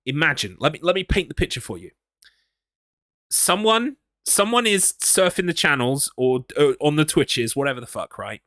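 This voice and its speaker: An English man from England streams a horror game, chatting casually and rambling while he reads his chat, teasing himself and talking to himself. His voice sits on the high side and is sing-song and fairly bright, at a normal speed. The recording is dry, with clean studio sound.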